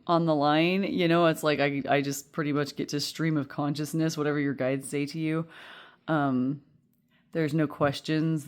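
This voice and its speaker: A woman giving a casual pick-a-card tarot reading, rambling and chatty with many fillers and frequent laughter. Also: sits low.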